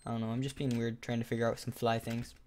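A man's voice: medium pitch, fast, slight background noise. Sarcastic young man narrating his gameplay. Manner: sarcastic, excitable play-by-play. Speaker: gaming YouTuber. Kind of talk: live gameplay commentary.

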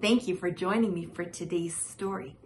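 A woman reading a children's picture book aloud in a gentle, expressive way as the regular storyteller of her show. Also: lowish voice, normal speed, a little hiss or hum.

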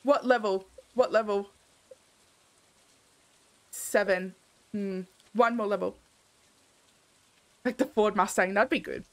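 A woman's voice: mid-range voice, fairly even intonation, takes it slowly, pauses often. A young woman commenting casually while streaming a game, grumbling to herself in theatrical exasperation.

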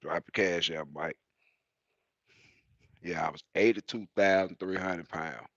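A man who drives heavy-haul trucks, chatting casually on a livestream as an animated storyteller who laughs often. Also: low voice, measured pace, no echo, highs cut off.

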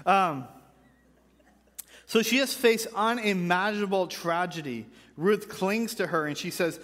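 A man preaching a sermon in a church, reading scripture with joking asides and swinging from loud bursts to hushed lines. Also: sits high, measured pace. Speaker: pastor. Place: church sanctuary. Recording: church hall reverb.

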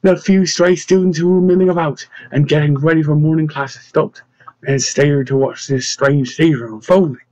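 A man narrating an audiobook in a steady reading voice, giving the characters their own voices. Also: on the high side, normal speed, no echo. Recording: dull lo-fi dry sound.

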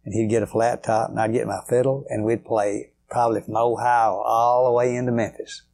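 The older guitarist being interviewed speaks briskly in a mid-range, gravelly voice that is a little mellow and fairly even in pitch. His stories drift along in a folksy way, full of fillers.

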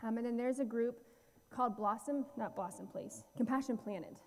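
A woman's voice: on the high side, a little fast, in a large hall. A woman guest speaker giving a heartfelt church talk about slides, earnest and full of fillers and restarts. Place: church sanctuary.

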